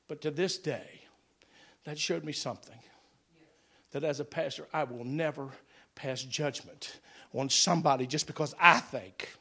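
A middle-aged male pastor preaching a sermon, telling folksy stories that swell into shouted preaching. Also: a little high, a little slow, gravelly, pauses often, husky.

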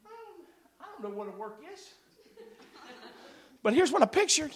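A middle-aged male pastor preaching a sermon, telling folksy stories that swell into shouted preaching. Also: very high-pitched, very animated, normal speed.

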